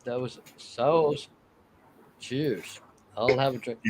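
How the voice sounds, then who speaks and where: A man's voice: mid-range voice, unhurried, slight background noise. A laid-back man hosting a casual music session, chatting and heaping enthusiastic praise on a friend. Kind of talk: casual chat.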